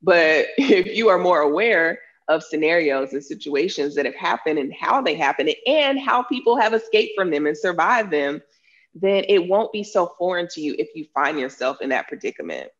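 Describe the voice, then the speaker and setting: Answering an interviewer, this woman, who teaches self-defense and wrote a book on it, explains earnestly with frequent fillers. She has a low pitch, lively intonation and normal pace, captured with lo-fi sound.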